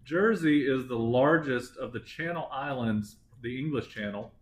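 A man's voice: medium pitch, unhurried, low-quality recording. Male podcast co-host, crude and jokey, ordinary middle-range voice. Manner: joking, crude, laughing often. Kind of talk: casual true-crime podcast chat.

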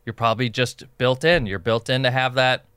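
A man co-hosting a casual podcast, joking and animated as he tells anecdotes. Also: medium pitch, a little fast, smooth. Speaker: podcast co-host. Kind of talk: casual chat.

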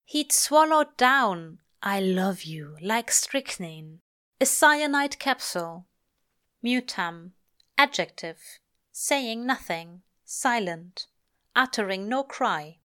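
A woman reading fiction aloud in a measured, lyrical way. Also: on the high side, lively intonation, pushed and bright, smooth. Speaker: reader. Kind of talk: audiobook-style fiction reading.

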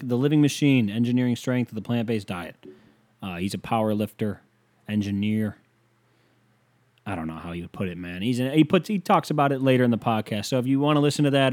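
A man's voice: mid-range voice, darkish tone. A young man hosting his own podcast alone, rambling casually with profanity and sarcastic rants into a desk microphone. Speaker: podcast host. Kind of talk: casual solo podcast monologue. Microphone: desk microphone with pop filter.

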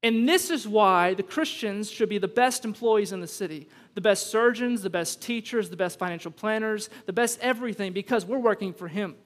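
A man preaching a sermon as pastor, moving between relaxed storytelling asides and animated, rising emphasis. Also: sits high, moderate pace, hardly any pauses, big-room sound.

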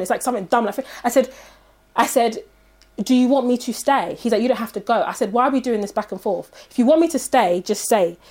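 A woman, animatedly telling a story in casual chat and acting out the people in it. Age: 30s. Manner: animated, acts out quotes in high voices.

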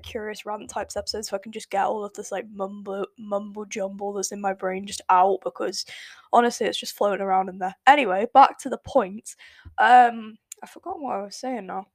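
A woman's voice: medium pitch, no room sound. An eighteen-year-old English woman with an English accent, chatting casually on her solo podcast in a rambling, self-correcting way full of fillers. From England. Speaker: podcast host.

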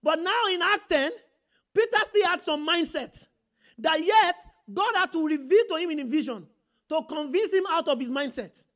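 A woman preaching an animated sermon, reading scripture aloud and calling out to the congregation. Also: very high-pitched, moderate pace.

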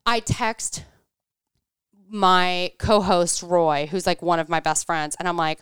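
A woman in her thirties tells a story on a podcast in an animated way, playing out each quoted line. Her voice is very smooth and crisp. The room is dry and close. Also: on the low side, takes it slowly, no echo. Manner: animated, acts out quoted dialogue. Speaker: podcast co-host. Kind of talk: casual storytelling chat.

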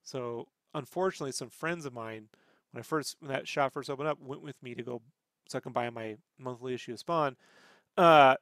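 A man's voice: medium pitch, fairly bright tone, no room sound, studio quality. A man hosting a casual chat, telling rambling stories full of swearing. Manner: rambling, profane storytelling. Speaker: podcast host.

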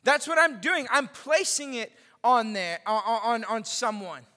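A man preaching a sermon as pastor in a church service, animated and conversational with joking asides. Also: extremely high pitch, unhurried. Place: large church during a service. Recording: long reverb of a large church hall.

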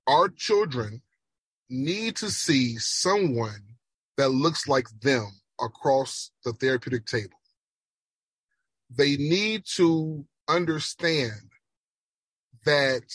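A man from Chicago with a slight Jamaican-influenced accent, a speech pathologist giving earnest, emphatic interview answers that slow down for emphasis. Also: mid-range voice, a bit bright, slightly rough, no room sound. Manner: emphatic, measured, slows for emphasis. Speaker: speech language pathologist guest.

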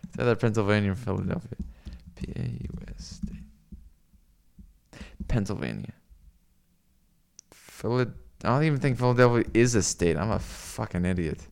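A man's voice: lowish voice, lively intonation, normal speed, gravelly, long pauses, a little mellow, clean tone. A young man from the US West Coast, chatting casually and profanely with his stream viewers, rambling with lots of fillers.

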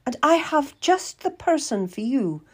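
Woman voicing a high, imperious old noblewoman. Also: big pitch swings, measured pace, darkish tone. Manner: commanding, haughty.

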